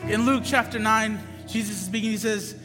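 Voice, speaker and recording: A pastor preaching a passionate sermon in a church, moving between loud emphatic bursts and quiet asides. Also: male voice, sits high, level tone, brisk. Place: church sanctuary. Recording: long hall reverb with music underneath. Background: music playing under the preaching.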